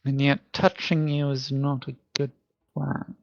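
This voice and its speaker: A British man playing a tabletop game, speaking in a measured, polite manner. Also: mid-range voice, level tone, vocal fry, dry recording, lo-fi sound. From Britain. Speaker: player.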